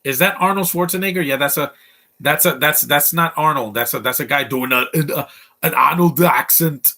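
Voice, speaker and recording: A young man in his twenties talks over a movie as he watches it at home, with a bright, forward voice. He speaks bluntly and rambles, restarting his sentences often as his opinions tumble out. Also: a little high, moderate pace. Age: 20s. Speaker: movie commentator. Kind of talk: casual live movie commentary.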